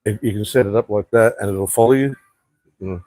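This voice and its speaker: A man's voice: lowish voice, fairly quick, dark tone, dry recording. A man chatting on a rambling live stream from an outdoor rooftop bar, swearing freely and reading out viewer comments. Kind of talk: casual live stream chat.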